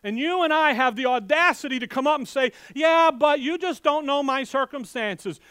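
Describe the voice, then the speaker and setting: A man preaching a sermon with fiery, animated delivery, swinging between loud outbursts and hushed asides and speaking in a folksy, direct way to his congregation. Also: very high voice, normal speed, few pauses, dry recording. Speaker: pastor.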